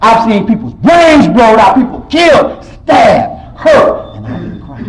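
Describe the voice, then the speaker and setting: A man sharing his personal story at a recovery meeting, telling it with emotion, swinging from loud outbursts to quiet low stretches. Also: wildly swooping pitch, unhurried, some chatter behind, low-quality recording. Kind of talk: personal testimony.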